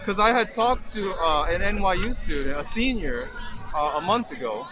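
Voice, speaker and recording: A man's voice: high voice, expressive, moderate pace. A man asking a woman chatty, curious questions in a casual street interview outdoors in a city park. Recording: muffled street audio with crowd behind.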